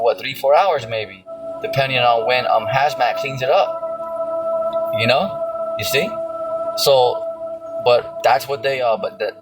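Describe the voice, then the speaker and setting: A man's voice: mid-range voice, rough recording. Male preacher, loose and rambling, swears a lot, mid-range voice, music bed behind. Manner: rambling, heavy on fillers, profane. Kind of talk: casual sermon with scripture reading. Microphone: phone screen recording.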